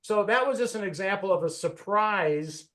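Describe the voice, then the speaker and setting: A man's voice: high voice, moderate pace, a bit bright. A man giving a chatty speaking-club lesson on humor over a video call, telling stories with lots of restarts and self-corrections.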